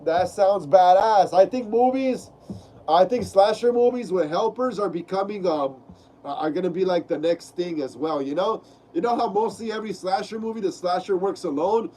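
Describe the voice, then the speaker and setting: A young streamer, stuffy-nosed from a cold, reads his chat aloud at home and keeps saying "bro." His high voice has a dark tone and moderate pace, over slight background noise.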